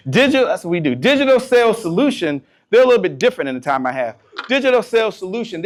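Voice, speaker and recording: A man giving a motivational keynote to a live crowd, animated, trading call-and-response and swinging from soft asides to loud bursts. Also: on the high side. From Washington, D.C. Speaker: keynote speaker.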